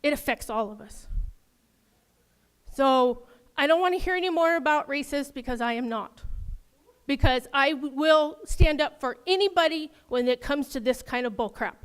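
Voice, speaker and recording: High-voiced, heated woman at the podium. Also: normal speed. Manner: heated, passionate, repetitive. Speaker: public commenter. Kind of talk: public comment at a council meeting. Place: city council chamber.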